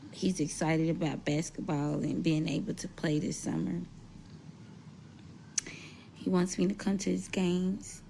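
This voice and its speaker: Mother, emotional and tearful, low gravelly voice, slow halting delivery, faint background hiss. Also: steady tone, mellow. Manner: slow, halting, holding back tears. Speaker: mother sharing news. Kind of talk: emotional personal account.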